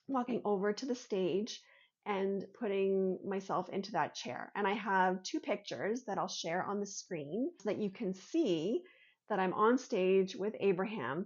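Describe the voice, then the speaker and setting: Woman vlogger, earnest storyteller, mid-pitched voice, slightly dull lo-fi recording. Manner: earnest, voices her own inner thoughts. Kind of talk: personal storytelling and teaching.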